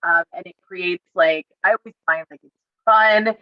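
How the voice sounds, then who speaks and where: A woman's voice: lowish voice, normal speed. A woman outdoor educator tells stories in a loose, conversational way, acting out both sides of her talks with children and peppering everything with "like" and "I said." The sound is dull and lo-fi, close and dry with no room echo. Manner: lively storyteller who acts out dialogue with kids; frequent "like" and "I said" fillers. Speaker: outdoor educator at a field center. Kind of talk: casual storytelling in an online educator forum.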